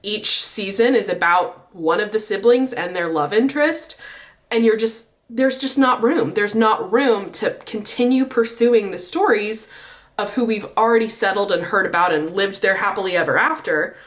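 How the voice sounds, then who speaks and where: A woman giving chatty, opinionated commentary in a casual vlog, her pitch swinging up when she makes a point. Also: moderate pace, fairly bright tone. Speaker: book and TV vlogger.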